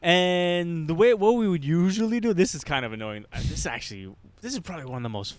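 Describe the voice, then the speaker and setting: A young man rambles through a story on a casual podcast, swearing freely and acting out what people said. His pitch sits a bit high and swings widely, and his voice comes through smooth and clear. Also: quick pace, no echo. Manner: rambling, animated, swears a lot, acts out quotes. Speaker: podcast co-host. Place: Montreal.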